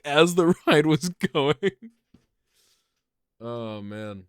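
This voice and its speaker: Lively young man telling a story. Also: fairly high pitch, extremely slow, pauses often, smooth, dry recording, studio quality. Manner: animated, laughs often, breaks into loud yelled bits. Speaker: podcast co-host. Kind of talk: casual comedic storytelling.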